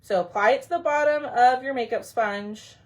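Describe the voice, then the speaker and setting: Lady doing a craft livestream, kinda high voice, chatty w her viewers and pets. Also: normal speed. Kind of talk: casual craft tutorial livestream.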